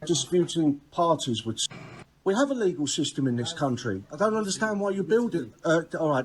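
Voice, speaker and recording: A man with a fairly high voice, caught on location while confronting people. He presses the same question over and over and pleads insistently when things turn tense. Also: very animated, a little fast, rough recording.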